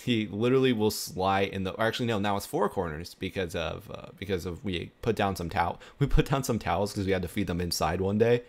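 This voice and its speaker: A man's voice: deep voice, fast talker, few pauses. A man chatting casually over a voice call, rambling and laughing often. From Arizona. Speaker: interviewer. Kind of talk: casual chat.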